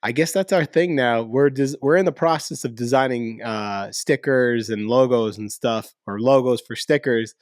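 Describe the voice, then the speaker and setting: An energetic man hosting a casual podcast, hyping things up and joking around with his co-host. His voice sits at a middling pitch. The sound is dry and close, with no room echo. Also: moderate pace, hardly any pauses. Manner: energetic, hype, jokey.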